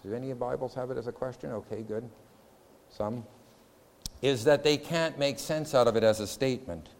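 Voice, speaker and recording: A man lecturing a class in a methodical, step-by-step way, numbering his points and pausing to question the room. His voice sits at an ordinary middle pitch. A long reverb trails behind every phrase. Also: darkish tone.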